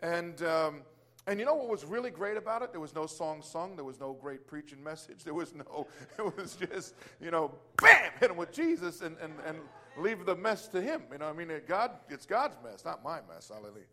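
High-voiced man rambling through a faith testimony. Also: very animated, fairly quick, sharp tone. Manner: rambling, many restarts and fillers, exclaims Hallelujah. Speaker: Christian business owner sharing testimony.

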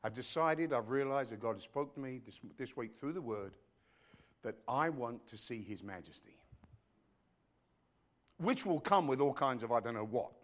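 A man preaches to his congregation as their pastor, his voice sitting in an ordinary middle pitch. He is emphatic, sinking to a near hush before swelling back to loud declarations, and often calls out to the listeners directly. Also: lively intonation, moderate pace, long pauses. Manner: emphatic, swinging between hushed and loud. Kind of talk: sermon. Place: church.

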